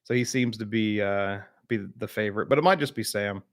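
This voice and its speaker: A man's voice: on the low side, a little fast. A man from the American South hosting a casual live-stream chat, rambling with many fillers and replying to viewers by name. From Southern United States.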